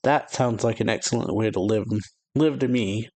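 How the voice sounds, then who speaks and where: An earnest, loyal soldier, read by a man close to his own voice. The tone is plain and sincere, with no strong character put on. He sounds steady and dutiful. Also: mid-range voice, moderate pace, no room sound, natural voice.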